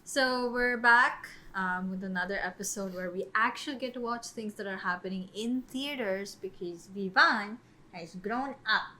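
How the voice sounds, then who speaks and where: Woman podcast cohost, bright voice, rambly chat full of likes and ums. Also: mid-range voice, moderate pace. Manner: chatty, many fillers like "um" and "like". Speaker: podcast co-host. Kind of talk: casual film discussion.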